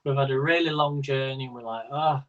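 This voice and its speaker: A man's voice: mid-range voice, fairly even intonation, brisk, a bit bright, lo-fi sound. A man hosting a live-stream quiz in a casual, rambling way, laughing often as he talks. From Britain. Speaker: quiz host.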